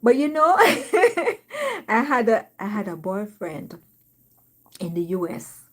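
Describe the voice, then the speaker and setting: Slow-talking Jamaican woman live streamer. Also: mid-range voice, very animated. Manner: chatty, laughs often, reads viewer comments aloud. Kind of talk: casual live chat reading comments.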